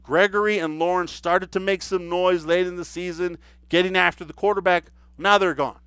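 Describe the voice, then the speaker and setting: Man for a solo football talk segment, incredulous and mocking, smooth voice in a dry studio. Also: high voice, moderate pace, dry recording. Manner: animated, incredulous, mocking asides. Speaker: sports commentator. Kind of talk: solo football preview commentary.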